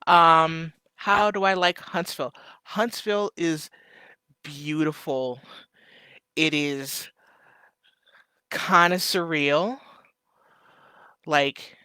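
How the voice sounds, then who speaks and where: A man's voice: on the high side, sharp tone, smooth, no room sound, clean studio sound. A man hosting a casual live stream, reading viewers' messages aloud and answering with joking asides.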